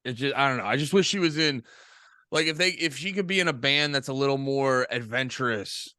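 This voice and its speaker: A man's voice: medium pitch, brisk, sharp tone, no room sound, studio quality. A man co-hosting a podcast in a profane, rambling, sarcastic casual chat. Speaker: podcast co-host.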